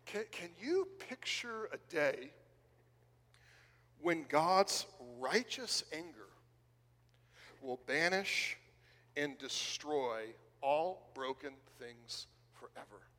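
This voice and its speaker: A man voicing the apostle Paul as a calm, probing older man who asks questions gently, heard with long church reverb. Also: a little high, drawn-out words, long pauses, exaggerated voice. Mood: hopeful.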